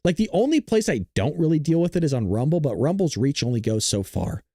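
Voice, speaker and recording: A man's voice: fairly high pitch, sing-song, fairly quick, dark tone, no echo, clean studio sound. A male show host ranting to his live-stream viewers, frustrated and full of profanity, talking straight to his audience.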